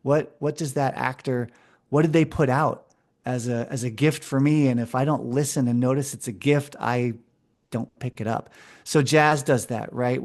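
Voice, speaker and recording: A man speaking as a guest on an interview podcast, talking with animated enthusiasm and frequent restarts. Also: mid-range voice. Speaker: interview guest, brand strategist. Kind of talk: casual conversational interview.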